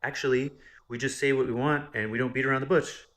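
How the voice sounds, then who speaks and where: A man mimicking a brash, blunt young woman who talks loudly and pushes her point. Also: mid-range voice, flat delivery, fast talker, voice pushed up, close to an everyday voice. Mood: indignant. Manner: pushy and indignant.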